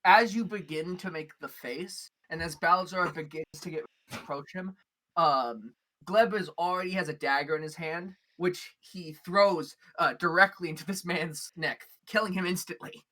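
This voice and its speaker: A woman's voice: fairly low pitch, normal speed, a bit bright. A woman narrating as game master, rambling with many fillers and restarts.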